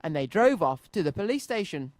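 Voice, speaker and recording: A man presenting a children's radio show, reading a storybook aloud in a lively, clear way from a studio. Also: sits high, brisk, dry recording.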